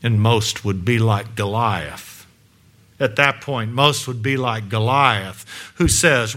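This male preacher, medium in pitch and slow in pace, gives a sermon to a congregation in a church room. The delivery is emphatic, leaning on rhetorical questions and swinging from loud to hushed.

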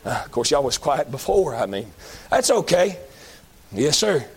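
A middle-aged Baptist preacher, preaching a folksy sermon that climbs into shouted emphasis. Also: male voice, medium pitch, sing-song, measured pace, breathy edge.

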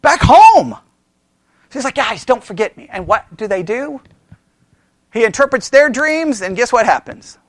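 Male pastor, high voice, sermon, quizzes the congregation, restarts his sentences, dry close sound. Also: big pitch swings, measured pace, long pauses, no echo. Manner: conversational, quizzes the audience with questions; frequent self-corrections and restarts.

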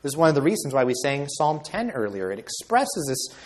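A male preacher delivering an evening sermon at a middle pitch. He drives his points home by climbing higher and louder. He draws key phrases out slowly for emphasis. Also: big pitch swings. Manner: emphatic, rising high and loud on key points, slowing words for weight.

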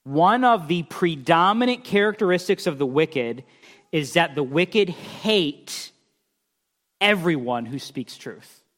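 A man delivers a sermon at a slow, deliberate pace, his voice sitting a bit high for a man. He presses his points emphatically, reading scripture aloud and swinging from loud declarations to quiet asides. A long reverb trails each phrase. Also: expressive. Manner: emphatic, rising and falling in loudness, reads scripture aloud. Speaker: preacher.

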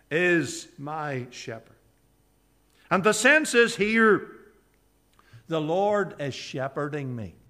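A man preaching a sermon in a church. His voice sits high and sounds bright and forceful. He speaks slowly and earnestly, sinking low and soft whenever he quotes scripture. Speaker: pastor.

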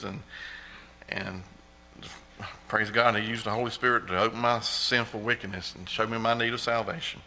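Speaking at a normal speed with fairly even intonation, a middle-aged man delivers an earnest church testimony, repeating and exclaiming praise often. His mid-range voice sounds pushed and bright. The setting is a church sanctuary, captured in a rough recording with slight background noise.

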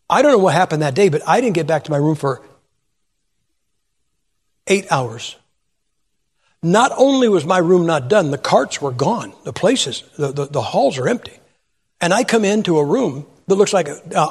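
Husky-voiced folksy preacher in a hall. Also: male voice, fairly high pitch. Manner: folksy storytelling, acts out voices, rhetorical questions. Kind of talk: humorous sermon with anecdotes. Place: church sanctuary.

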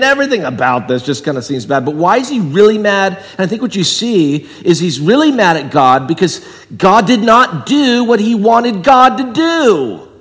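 A man preaching a sermon in a chatty way, jumping from loud emphatic bursts down to quiet asides. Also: sits high, in a large hall. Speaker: pastor.

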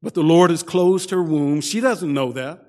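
A man preaching a sermon, often repeating his first words and dropping to a soft voice for emphasis. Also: a little high, normal speed, in a large hall. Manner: repeats words at starts, soft dramatic drops.

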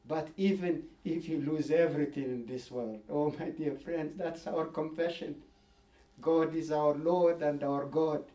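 A man's voice: on the high side, fairly even intonation, unhurried, warm tone, far from the mic. Earnest man teaching in an echoey hall. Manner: earnest, emphatic, repeats key phrases. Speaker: Bible study leader. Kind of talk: Bible study teaching. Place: church hall.

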